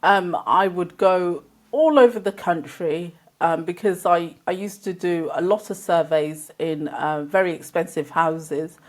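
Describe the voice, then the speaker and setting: A woman's voice: lowish voice, unhurried, few pauses. A woman from England with an accent between London and Birmingham, a guest chatting casually and laughing often as she tells stories. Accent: between London and Birmingham English. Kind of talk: casual conversation.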